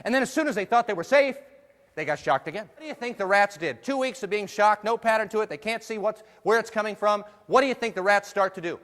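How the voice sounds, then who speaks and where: A motivational speaker gives a playful, jokey keynote to a live audience, tossing questions out to the crowd. His voice sits high and a bit bright, and he talks fast, with a long hall reverb on the recording.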